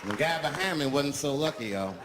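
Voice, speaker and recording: A male stand-up comedian telling a profane, conversational story, swinging between low mutters and sudden outbursts. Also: expressive, brisk. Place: live comedy venue. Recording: live stage mic, crowd noise. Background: audience laughter and noise.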